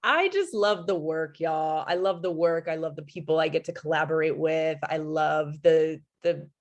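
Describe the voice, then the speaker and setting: Host, woman from California, deep voice, effusive, video call. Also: moderate pace, dull audio. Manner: warm, grateful, effusive. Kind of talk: facilitating a panel discussion.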